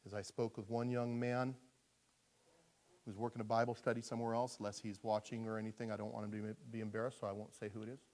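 A man preaching a sermon in a conversational, humorous style, animated and quick to laugh at himself. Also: lowish voice.

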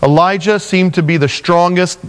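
A man preaching a sermon, telling Bible stories with animated voices for the characters. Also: high-pitched, normal speed, smooth, in a large hall. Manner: animated storytelling, acting out biblical figures in voices. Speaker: pastor.

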